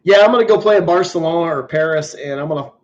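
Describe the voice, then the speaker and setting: A man's voice: on the high side, fast. Blunt, profane man hosting a stream. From United States. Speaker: livestream host. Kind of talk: casual live stream chat. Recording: muffled stream audio.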